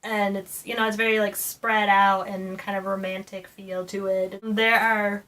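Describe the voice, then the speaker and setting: A woman's voice: mid-range voice, flat delivery, a little slow, fairly bright tone. A woman co-hosting a casual travel chat, explaining things in detail and laughing often. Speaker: co-host of a theme park travel channel.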